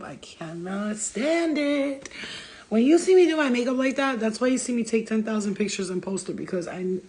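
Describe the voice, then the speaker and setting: A woman's voice: mid-range voice, darkish tone, slightly rough. A woman on a casual livestream, talking bluntly with lots of swearing and street slang as a spiritual reader.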